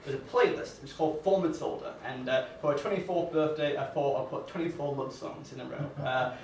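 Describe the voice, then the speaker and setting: A young man from Northern England performs a rambling, self-deprecating stand-up set on a venue stage, often stammering and restarting. His voice is a little high and brisk, picked up by a distant mic in a roomy space with faint venue ambience and slight background noise.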